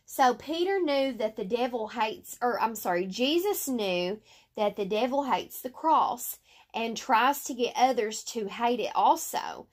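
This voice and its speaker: A woman teaching a Bible story lesson, reading slowly and deliberately with fillers and self-corrections. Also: a little high, lively intonation.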